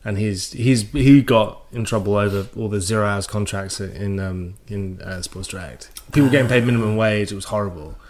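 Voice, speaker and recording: A man's voice: on the low side, moderate pace, few pauses, a little mellow, slight background noise. A man co-hosting a comedy podcast, chatting casually and agreeing often. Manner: agreeable, lots of "yeah, yeah". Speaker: podcast co-host.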